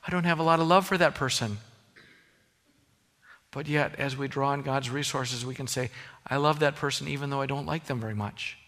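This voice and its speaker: A man's voice: medium pitch, fairly quick, fairly bright tone, big-room sound. A man preaching a sermon as pastor, earnest and emphatic, often restarting his phrases.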